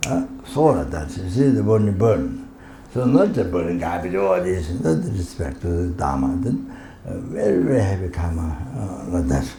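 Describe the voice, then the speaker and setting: A man giving a Buddhist teaching, halting and full of fillers, often breaking into laughter. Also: low voice, big pitch swings, gravelly, crowd noise. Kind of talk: dharma teaching. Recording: echoey hall ambience, faint noise.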